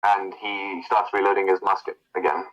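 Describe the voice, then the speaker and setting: Lower-voiced man running a tabletop game. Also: flat delivery, normal speed, fairly bright tone, dull audio. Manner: thinks aloud while working out rules. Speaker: game master. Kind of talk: narrating and ruling a tabletop game.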